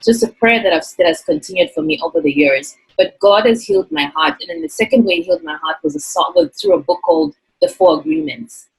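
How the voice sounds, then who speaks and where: A woman's voice: mid-range voice, sing-song, fast talker, gravelly, hardly any pauses, husky, rough recording. A woman from Zambia, earnestly and reflectively telling a personal story in an interview. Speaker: interview guest.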